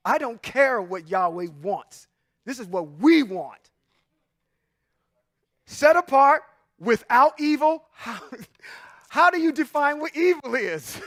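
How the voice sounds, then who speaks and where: A man's voice: extremely high pitch, fairly bright tone, no echo, clean studio sound. A man giving an informal Bible teaching, emphatic and full of rhetorical questions, chuckling often and saying "y'all". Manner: informal, says y'all and come on now. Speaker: religious teacher.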